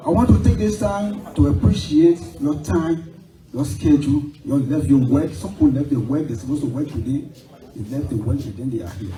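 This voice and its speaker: Middle-aged Liberian man, repetitive and emotional eulogy, slightly high, roomy distant hall sound. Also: mellow. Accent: Liberian English. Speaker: memorial speaker. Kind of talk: tearful eulogy. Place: memorial gathering hall. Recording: roomy hall from far off, faint music.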